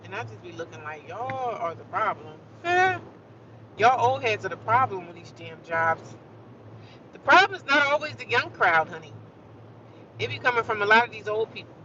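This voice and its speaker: A woman's voice: mid-range voice, very animated, moderate pace, long pauses. A woman livestreaming outdoors in the city, chatting casually and sassily with her viewers and laughing often. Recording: dull lo-fi phone audio with loud street noise.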